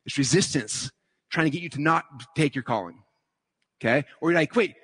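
A man giving a live conference talk, teaching quickly and checking in with "okay?" and "right?" as he draws on slides. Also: a little high, a bit bright, slightly rough, dry recording. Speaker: speaker at a conference.

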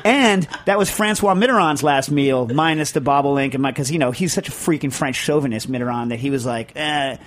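A man hosting a podcast in casual studio chat, animated and jokey, acting out quotes as he talks. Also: medium pitch, fairly quick, hardly any pauses. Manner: animated, jokey, repeats himself and acts out quotes. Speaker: podcast host.

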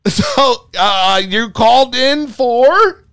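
A man's voice: very high-pitched, big pitch swings, extremely slow, fairly bright tone, smooth. A man hosting a call-in podcast in casual chat, laughing often and talking in slang with casual swearing. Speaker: podcast host taking calls.

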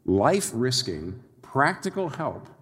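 A man preaching a sermon in an animated, wry way, often chuckling at his own irony. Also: mid-range voice, slow pace, big-room sound.

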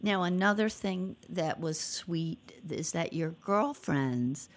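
Woman interviewer, low-pitched, slow-paced, encouraging with steady affirmations. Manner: encouraging, frequent affirming murmurs. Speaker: podcast host, interviewer. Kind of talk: casual interview conversation.

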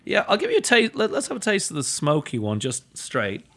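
A man talking as a guest in a casual podcast chat, an animated storyteller whose voice leaps up in pitch when he acts out other people. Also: brisk. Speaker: guest, drinks educator and writer. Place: studio table with bottles and glasses.

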